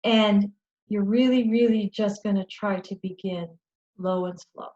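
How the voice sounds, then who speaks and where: A woman presenting a webinar for caregivers, talking in a gentle, reassuring way and often checking in with "okay?". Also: mid-range voice, steady tone, a little slow, dull audio. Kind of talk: educational webinar talk.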